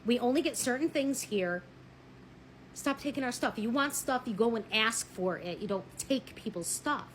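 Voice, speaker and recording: A woman telling a personal story in a blunt, animated way, swearing freely and acting out what people said. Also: fairly high pitch, normal speed, a little hiss or hum, rough recording. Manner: married. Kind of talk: casual storytelling.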